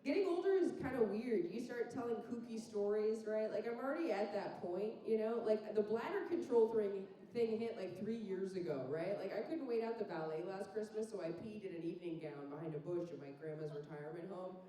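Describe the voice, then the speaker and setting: A woman's voice: medium pitch, brisk, hardly any pauses, dark tone. Self-mocking woman comic in a roomy club. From Phoenix, Arizona. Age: 30s. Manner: chatty, self-mocking, riffs with the crowd. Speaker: stand-up comedian. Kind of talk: stand-up comedy set. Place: comedy club stage. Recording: roomy club sound from a distant mic.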